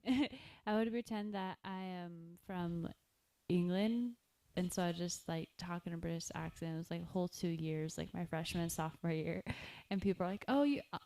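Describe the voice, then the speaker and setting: A woman's voice: lowish voice, fairly even intonation, normal speed, mellow. A young woman telling a story as a podcast guest, chatty and giggly, tripping over her words. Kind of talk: casual storytelling.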